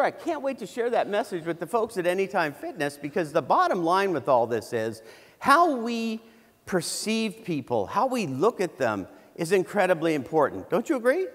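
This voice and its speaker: A man's voice: sits high, a bit bright. A middle-aged man giving a humorous keynote on stage, telling a story in a conversational way with many restarts. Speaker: keynote speaker. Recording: reverberant hall.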